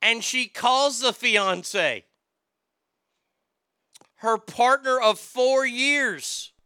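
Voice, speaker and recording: A man's voice: very high-pitched, extremely slow, bright, forceful tone, clear, resonant tone, no echo. A man hosting a casual comedic chat, wisecracking about odd news stories. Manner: wisecracking, drifting into mocking bits.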